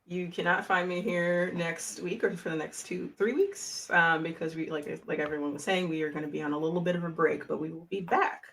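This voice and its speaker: A woman's voice: lowish voice, fairly even intonation, a little fast, few pauses, fairly bright tone, slight background noise. A woman narrating a tabletop game as game master, casual and chatty.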